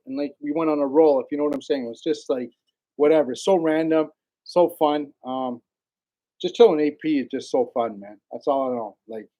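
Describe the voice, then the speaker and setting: A man's voice: fairly high pitch, brisk, darkish tone. A man hosting a casual livestream, rambling in a laid-back way, greeting viewers by name and laughing often. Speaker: livestream host.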